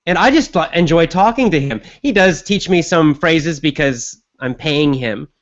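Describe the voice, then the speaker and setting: A man hosting a language-learning show, giving relaxed, repetitive coaching advice to listeners. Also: on the high side, normal speed, lo-fi sound. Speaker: English teacher and podcast host. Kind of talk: conversational lesson monologue.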